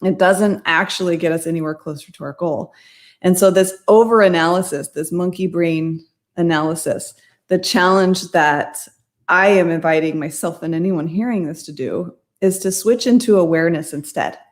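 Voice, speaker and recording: Speaking at an ordinary speed in a lowish register, a middle-aged woman who works as a mindset coach tells a personal story informally. Her telling rambles with self-corrections and the odd laugh.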